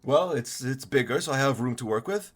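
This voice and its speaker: A man voicing a gruff, shirtless male dwarf blacksmith who barks his words. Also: mid-range voice, animated, brisk, voice pushed up. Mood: appraising. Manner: brusque, shouting.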